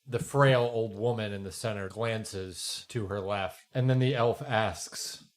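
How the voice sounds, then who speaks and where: A man's voice: lowish voice, unhurried. A man narrating a tabletop role-playing game as game master, describing scenes in a playful, descriptive way.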